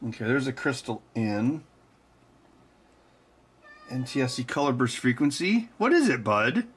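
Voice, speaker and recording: A man's voice: mid-range voice, lively intonation, unhurried, a bit bright, husky. A man hosting, muttering to himself as he repairs old electronics and teasing his cat between tasks. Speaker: host.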